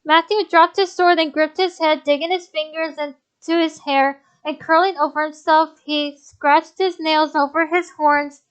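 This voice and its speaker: High-voiced woman reading a visual novel aloud. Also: steady tone, a little slow, hardly any pauses, highs cut off. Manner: stumbles over words, breaks off to comment. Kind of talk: reading game text aloud with reactions.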